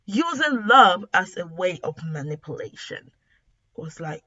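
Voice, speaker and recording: A woman casually recapping a comic story as a reviewer, retelling it in an animated, emphatic way. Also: medium pitch, takes it slowly, breathy edge, muffled recording. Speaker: webtoon reviewer.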